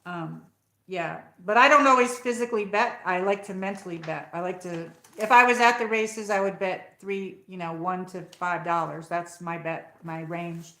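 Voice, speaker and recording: A woman's voice: on the low side, moderate pace, pushed and bright, echoey room. A woman with an upstate New York accent hosting a rambling, casual live chat and reading out viewer comments. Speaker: livestream host.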